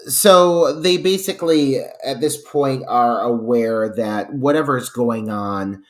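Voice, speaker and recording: A man's voice: mid-range voice, slow pace. A man co-hosting a podcast, talking casually about a film in loose phrasing full of fillers. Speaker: podcast co-host.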